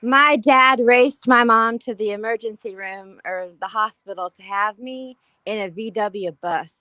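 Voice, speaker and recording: A woman in her late forties with a high, youthful-sounding voice and a giggly laugh, chatting casually as a guest. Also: a little slow, bright, forceful tone, no echo, low-quality recording. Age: late 40s. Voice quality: high giggly voice, compared to a cartoon cavewoman. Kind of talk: casual chat.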